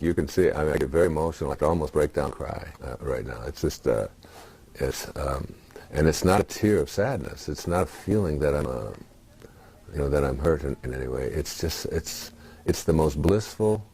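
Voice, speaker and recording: A man in his sixties, speaking as an interview guest in a halting, reflective way with many pauses and fillers. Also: extremely low pitch, animated, dark tone, husky. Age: 60s.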